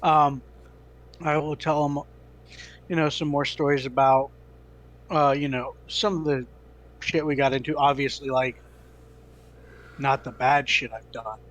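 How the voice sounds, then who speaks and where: A man's voice: mid-range voice, steady tone, a little slow, pauses often, a bit bright, poor audio. A man casually playing a tabletop game over an online call, laid-back. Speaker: player.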